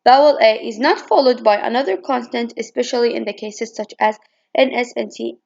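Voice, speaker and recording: Reading her phonetics slides at a normal speed, a female student presenter speaks in a rather high, fry-tinged voice, tripping up and restarting now and then. The recording has a muffled, low-fidelity sound.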